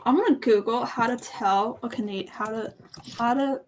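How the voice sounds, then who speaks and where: A young woman co-hosting a booktube reading livestream chats playfully and tries out how she pronounces words aloud. Her voice is fairly high and moderately paced, with a little hiss or hum in the recording.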